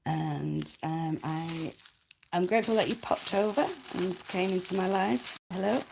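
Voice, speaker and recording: A woman's voice: on the low side, a little slow, gravelly, slight background noise. A woman chatting casually on a livestream, giggly and often dropping to a whisper, close to the mic.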